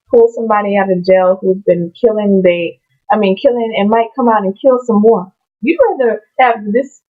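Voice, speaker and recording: A woman reads scripture and then drifts into loose, chatty commentary, often losing her thread and starting over. Her voice sits at a middle pitch. The sound is thin and tinny, like a phone line. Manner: rambling, digresses and restarts. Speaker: Bible-reading vlogger. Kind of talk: casual Bible reading and commentary.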